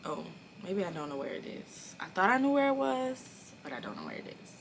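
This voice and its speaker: A young woman telling a storytime to her viewers in a casual, animated, profane way. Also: medium pitch, a little fast, slight background noise. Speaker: vlogger.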